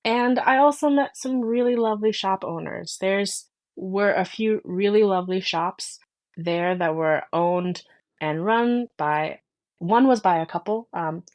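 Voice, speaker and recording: A woman's voice: medium pitch, darkish tone. A woman hosting a podcast in casual chat, talking enthusiastically in long flowing sentences. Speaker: podcast host.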